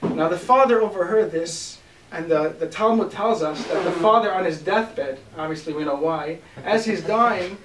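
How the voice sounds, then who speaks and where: High-voiced rabbi telling a story in an echoey hall. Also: male voice, moderate pace. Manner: animated storyteller who acts out the voices in his stories. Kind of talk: storytelling sermon. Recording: roomy, distant mic, faint hiss.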